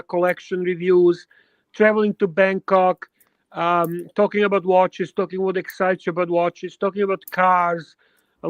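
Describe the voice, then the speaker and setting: A man's voice: high-pitched, no room sound. A man co-hosting a casual livestream, speaking hesitantly with many fillers and a reassuring tone. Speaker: regular livestream co-host. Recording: dull, dry lo-fi mic.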